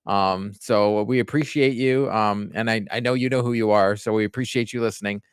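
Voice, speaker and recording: A man's voice: lowish voice, steady tone, a little fast, smooth, no echo, studio quality. A middle-aged man co-hosting a podcast, telling a rambling story and acting out the voices in it. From Canada. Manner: rambling storyteller who acts out the voices in his anecdotes. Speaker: podcast co-host. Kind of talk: casual chat.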